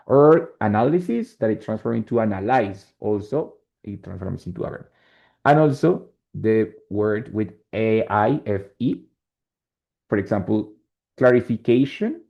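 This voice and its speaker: In a dull, lo-fi classroom recording, a man with a lowish, gravelly voice and a Spanish accent walks students through an English lesson step by step. He frequently checks understanding by asking "right?".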